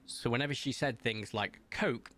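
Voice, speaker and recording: A man streaming a game, chatting casually, reading viewers' messages aloud and telling stories, with big playful jumps in pitch. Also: moderate pace, a bit bright, slight background noise. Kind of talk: casual chat while gaming, reading chat aloud.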